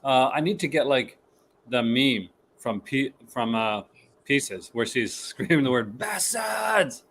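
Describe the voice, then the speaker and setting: A man's voice: medium pitch, unhurried, fairly bright tone, slight background noise. A sleepy man chatting casually as co-host of a livestream and greeting viewers by name. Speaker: co-host of a film collecting livestream. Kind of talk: casual live chat.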